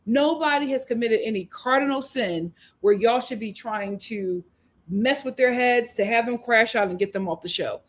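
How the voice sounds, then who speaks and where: Woman host, opinionated live commentary, slightly high voice, emphatic delivery. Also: moderate pace. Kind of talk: live show recap and commentary.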